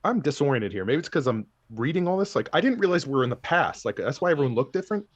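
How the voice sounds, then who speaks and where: A man's voice: medium pitch, big pitch swings, quick pace, lo-fi sound. A man thinking aloud and laughing often as he reacts to a show he is watching for the first time. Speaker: anime reaction host. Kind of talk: casual reaction commentary.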